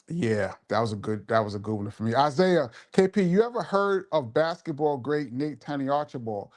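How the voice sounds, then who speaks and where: A man's voice: mid-range voice, a little mellow. A man hosting a live show and telling a laid-back, laughing story in casual street slang. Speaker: host and DJ.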